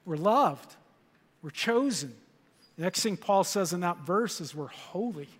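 An older man, a grandfather, preaching a sermon in a church auditorium, animated and leading the congregation in repeated phrases. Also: high-pitched, a little slow, breathy edge, long reverb tail. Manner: animated, storytelling with congregation call-and-response. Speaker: pastor.

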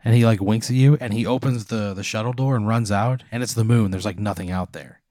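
A man's voice: on the low side, fairly even intonation, fairly quick, dark tone, no echo. A man narrating a comedic role-play game as game master, loose and rambling with lots of fillers.

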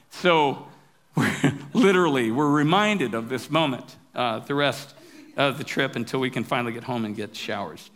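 A male pastor giving a sermon, telling stories in a relaxed, humorous, conversational way. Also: medium pitch.

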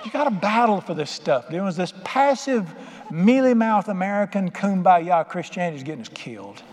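A man's voice: high voice, expressive, moderate pace, a little mellow, long reverb tail, slight background noise. A middle-aged man preaching a sermon, telling stories in a folksy, emphatic way with plain colloquial speech. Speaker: pastor.

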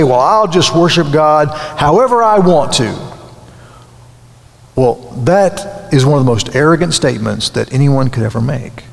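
A man's voice: medium pitch, vocal fry, big-room sound. A man preaching a sermon, earnest and emphatic, repeating key words and restarting phrases.

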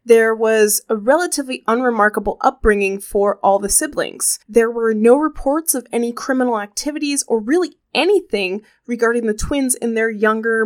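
A woman hosting a true crime podcast, chatty and animated with pop-culture asides. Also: on the high side. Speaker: podcast host.

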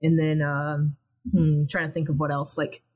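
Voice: mid-range voice, level tone, normal speed, a little mellow, low-quality recording. Chatty animation writer on a podcast. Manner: rambling, acts out own thoughts in quotes. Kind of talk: casual podcast interview.

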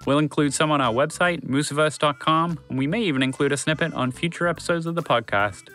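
A man host narrating a children's story podcast in a clear, steady, friendly read. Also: fairly high pitch, fast, soft background music.

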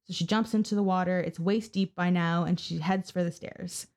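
A woman's voice: lowish voice, fairly even intonation, normal speed, darkish tone. A woman co-hosting a podcast, telling a true-crime story in a casual, chatty way. She swears freely and acts out the people she quotes. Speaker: podcast co-host.

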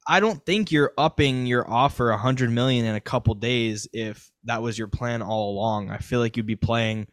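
A man co-hosting a casual sports podcast, thinking out loud with a rambling, speculative way of talking. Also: medium pitch, moderate pace, few pauses, no echo. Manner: rambling, speculative, many fillers and restarts. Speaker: podcast co-host.

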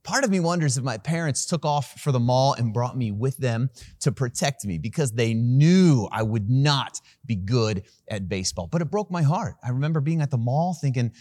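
A man preaching from the pulpit who leans into a personal story with animated, self-mocking humor. His voice sits at a middle pitch, and the sound is dry and close with no room around it. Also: moderate pace, hardly any pauses, no room sound. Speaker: pastor.

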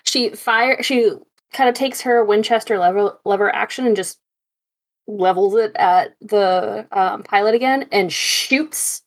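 A woman playing in a tabletop game, rambling and filling pauses as she describes the action. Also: mid-range voice. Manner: rambling, full of fillers. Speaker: player. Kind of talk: casual tabletop game chat.

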